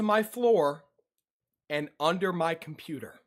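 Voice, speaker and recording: A man's voice: a little high, animated, normal speed. A young man streaming from his computer at home, giving jumpy reaction commentary, easily startled and given to yelps and shrieks.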